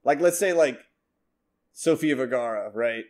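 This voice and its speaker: A young American man co-hosts a podcast, chatting casually in a mid-range, somewhat dark voice with lively intonation and a measured pace. He rambles, swears, and uses lots of fillers.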